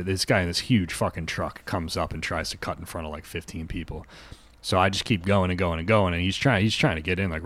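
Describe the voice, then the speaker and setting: A man, co-hosting a podcast, telling a profane, ranting story in casual chat. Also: low voice. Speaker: podcast co-host.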